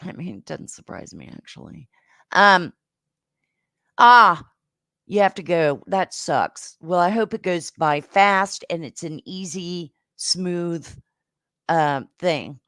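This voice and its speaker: A woman hosting a livestream game show, chatting casually with viewers and giving rambling, affectionate shout-outs with lots of fillers. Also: on the low side, slow, dry recording, clean studio sound.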